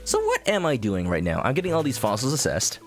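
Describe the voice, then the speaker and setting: A man's voice: medium pitch, wildly swooping pitch, quick pace, soft background music. A man streaming a video game, chatting casually and jokily with his chat. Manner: chatty, jokey, talks to chat.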